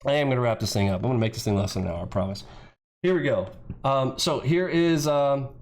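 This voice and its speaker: A man hosting a trading video, ranting in heated reaction commentary, mocking a rival and swearing freely. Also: fast. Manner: mimics his rival in shrill yells.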